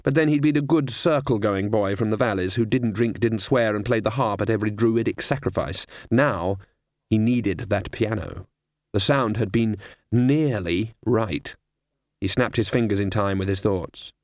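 A man reading an audiobook as narrator in a wry, measured scripted narration. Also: fairly low pitch, a little mellow, no room sound, studio quality.

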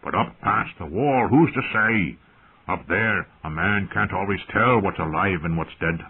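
A man voicing a gruff, sour old soldier of the watch in an audiobook, speaking slowly and bluntly, heard through a narrow, phone-like sound. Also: sits low, a little hiss or hum. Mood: grim, blunt. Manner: slow, blunt, grunting.

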